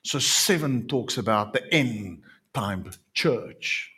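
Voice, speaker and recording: Husky, slow-preaching man. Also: medium pitch, expressive. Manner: emphatic, drawn-out repetitions, swings from quiet to loud. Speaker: pastor. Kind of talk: sermon.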